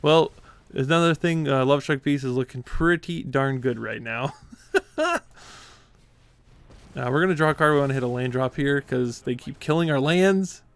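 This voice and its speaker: At a moderate pace broken by long pauses, a gaming content creator talks through his own card game play in a clean, mid-range voice. He's chatty, flusters easily and laughs a good deal. No room sound is audible.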